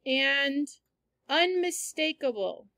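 A woman's voice: sits high, expressive, takes it slowly, sharp tone, no room sound. A woman teacher in a classroom, patiently explaining word meanings with everyday examples during a read-aloud lesson.

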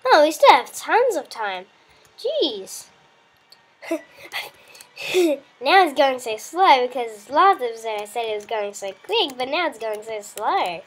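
A woman with a high voice chats her way through a survival game at an unhurried pace. Her commentary rambles playfully, and she coaxes the animals on screen as if they could hear her. It is the easy, offhand talk of someone hosting her own gameplay channel. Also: big pitch swings. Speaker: let's play host.

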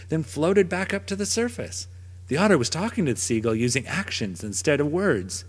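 A man reading a children's picture book aloud in a gentle, expressive storytelling manner. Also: fairly high pitch, moderate pace, slightly rough. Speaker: storybook narrator. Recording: long reverb.

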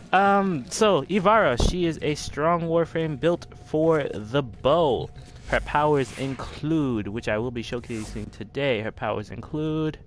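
A man hosting a casual game walkthrough, rambling and poking fun at himself. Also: medium pitch. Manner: rambling, self-deprecating. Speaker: gaming video host.

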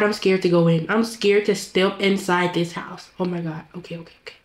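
A woman's voice: mid-range voice, fairly quick, hardly any pauses. Dramatic young woman, roomy echo. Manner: dramatic, panicky, talks to herself. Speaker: Roblox roleplay voice actor. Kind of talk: voiced game role-play monologue.

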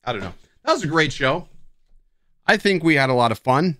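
A man's voice: on the high side, big pitch swings, brisk, a bit bright, no echo, clean studio sound. Rambling, self-mocking male stream host. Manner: tipsy and playful while drinking beer. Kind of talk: casual live-stream chat. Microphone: headset at a streaming desk.

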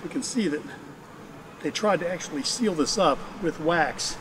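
A man's voice: fairly high pitch, moderate pace. A man with a mixed Georgia and Ohio accent, chatting casually and thinking aloud as he works through his beehives outdoors. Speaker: beekeeper. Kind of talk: casual narration while working hives. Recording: noisy outdoor recording with bee buzz. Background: buzzing bees and outdoor ambience.

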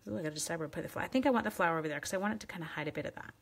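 A woman's voice: fairly low pitch, racing, gravelly. A woman hosting a live craft demonstration, chatting playfully with viewers and teasing herself as she works. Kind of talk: casual live craft demo.

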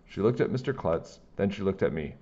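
A man with a low voice reads a children's book aloud in plain, steady storytelling. His pitch moves in lively swings. The recording sounds dull and lo-fi. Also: fairly quick, husky.

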